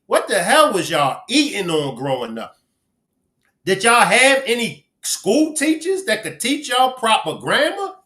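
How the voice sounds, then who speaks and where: High, bright and pushed, the livestream host's voice carries a Baltimore accent as he playfully banters with his audience and reads their names. The recording has a roomy echo.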